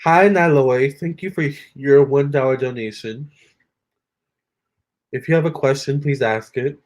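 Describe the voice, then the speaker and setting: A young man chatting casually with viewers during a live stream, expressive and talking straight to his audience. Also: mid-range voice, a little slow. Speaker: live-stream tarot reader.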